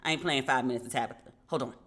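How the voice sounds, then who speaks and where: A woman hosting a podcast, telling stories in a casual, animated way and acting out the dialogue she quotes. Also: rumbling low, racing, a little hiss or hum. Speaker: podcast host. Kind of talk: casual commentary.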